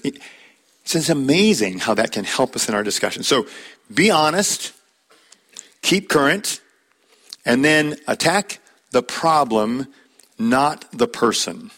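A middle-aged man leads a Bible study in a relaxed, conversational way. His voice sits in an ordinary middle pitch, and he speaks plainly and folksily, weaving in personal stories and inviting listeners to read aloud. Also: slow pace, pauses often, breathy edge. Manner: plain-spoken, calls on listeners by name to read verses; folksy, tells personal anecdotes with light laughs.

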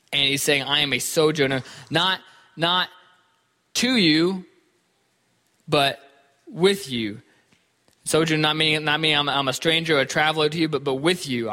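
A man delivers an earnest sermon, restarting and repeating words as he works through his point. His voice is bright and sits a little high. The sound carries a long reverb, as from a large hall. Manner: earnest, repeats words while thinking aloud. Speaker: preacher.

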